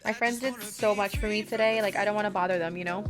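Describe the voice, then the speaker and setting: A woman's voice: medium pitch, steady tone, fast talker. A young woman streaming live, gushing and exclaiming as she thanks her viewers. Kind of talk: excited livestream chat with viewers. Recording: loud background music.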